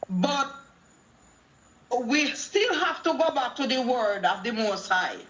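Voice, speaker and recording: Her testimony comes across like a sermon: a high-pitched Jamaican woman phones a talk show, quotes scripture, and voices what everyone said in patois. She speaks slowly, with lively intonation and a bright, sharp ring.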